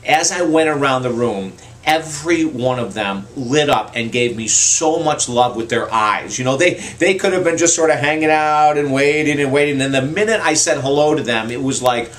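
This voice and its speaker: A man's voice: mid-range voice, normal speed, a bit bright. A man giving a motivational message to camera, telling personal stories in an earnest, heartfelt way and repeating key points for emphasis. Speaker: motivational speaker.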